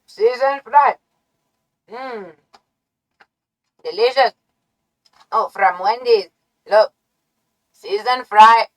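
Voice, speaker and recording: A woman streamer doing chaotic ASMR trolling, playful and nonsensical, swinging from soft murmurs to sudden shouts. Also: medium pitch, extremely slow, long pauses, poor audio.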